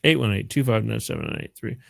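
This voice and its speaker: A man's voice: lowish voice, animated, fast talker, vocal fry. A man hosting a live call-in show, talking casually and rambling, often repeating the phone number.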